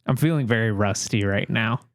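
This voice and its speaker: A man's voice: lowish voice, fairly quick. A young adult man co-hosting a podcast in casual chat, rambling and hesitant, full of fillers and restarts. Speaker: podcast co-host.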